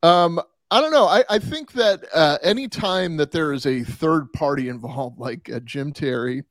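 A man's voice: on the high side, normal speed, no room sound, clean studio sound. A man co-hosting a podcast in casual chat, rambling with restarts and easy laughs. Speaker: podcast co-host.

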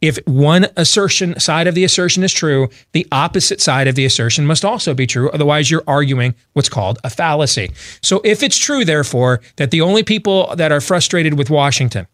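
A man hosts a talk radio show. His voice sits a little high and he argues in a brash, rambling way. The sound is close and dry, with no room around it. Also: fairly quick, a bit bright, dry recording. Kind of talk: talk radio commentary and ad read.

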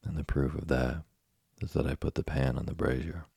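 Man reading petulant wooden puppet boy, storybook, husky, dry close sound. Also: a bass voice, fairly even intonation, normal speed, mellow, no echo, exaggerated voice. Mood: complaining. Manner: complaining, petulant.

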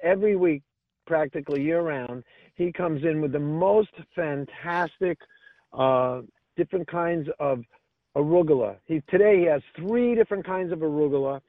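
A man's voice: on the high side, moderate pace, no room sound. A man calling in to a radio show about his farmers market, talking with enthusiasm. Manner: enthusiastic, talkative. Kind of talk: casual radio call-in chat. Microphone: telephone. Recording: tinny phone line.

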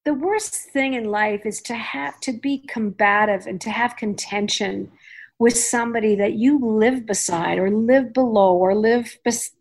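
A middle-aged woman hosting a podcast, chatting in an animated way and laughing easily. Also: on the high side, measured pace, creaky. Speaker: podcast host. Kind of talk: casual chat.

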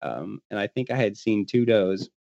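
A man's voice: on the low side, animated, moderate pace, creaky, mellow, no echo, dull audio. A man telling a long hunting story in a casual way, laughing often and acting out what his friends said.

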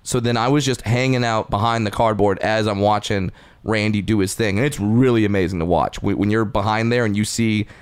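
A man's voice: lowish voice, brisk, clean tone, no room sound. A man on a podcast telling a backstage story in casual chat, acting out voices as he goes. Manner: animated, acts out voices in quotes. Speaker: podcast host and puppeteer.

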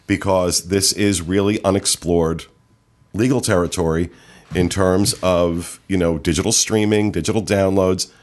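A man hosting a podcast, chatting casually and steering the group through the segments. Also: deep voice. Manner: relaxed, joking, runs the segments. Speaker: podcast host.

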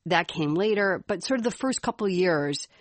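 Lower-voiced woman with a Chicago accent. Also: normal speed, no echo. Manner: steady, explanatory storyteller. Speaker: podcast co-host. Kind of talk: casual parenting chat.

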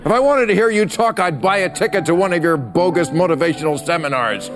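A man's voice: mid-range voice, fairly even intonation, normal speed, creaky, over music. A man voicing a scornful male president who snaps harshly, with studio audience noise behind. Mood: snarling. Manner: harsh, contemptuous.

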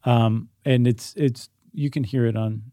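A man's voice: mid-range voice, fairly even intonation, a little slow, mellow, no room sound, clean studio sound. Easygoing man co-hosting a podcast. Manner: explanatory, easygoing, thinks aloud with fillers. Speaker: podcast co-host. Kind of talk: casual conversational podcast.

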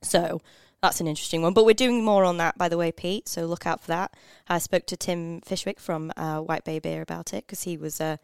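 Low, smooth-voiced woman, wry podcast chat. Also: fairly even intonation, fairly quick, dry recording, clean studio sound. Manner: wry, chatty, laughs easily. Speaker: podcast co-host.

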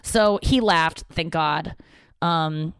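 Low-voiced woman comedian rambling, dry close mic. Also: extremely slow, smooth, no room sound. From St. Louis area. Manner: rambling, profane, acts out others' lines. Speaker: stand-up comedian and podcast host. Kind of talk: casual solo storytelling monologue. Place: home office, indoors.

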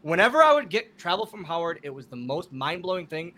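A man guest on a podcast, telling casual stories in an animated way. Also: on the high side, fairly quick. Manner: animated, laughing storyteller. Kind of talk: casual storytelling.

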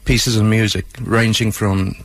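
A man with a South African accent speaks in a low register, measured and unhurried. He explains things at length, like a composer in a radio interview. The sound is dry and close. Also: steady tone, dry recording. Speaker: interview guest, musician and film composer.

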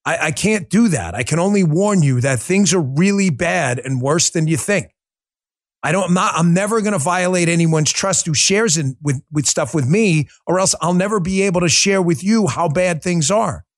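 A man's voice: a little high, animated, moderate pace, dry recording, studio quality. A man hosting a political talk show, speaking bluntly and earnestly and swearing freely. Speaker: podcast host.

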